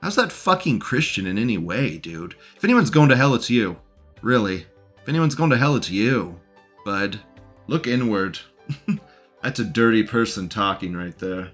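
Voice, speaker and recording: A man's voice: lowish voice, lively intonation, normal speed, fairly bright tone, faint music behind. A man giving casual, mocking commentary as he reacts to a recorded debate and talks back to it.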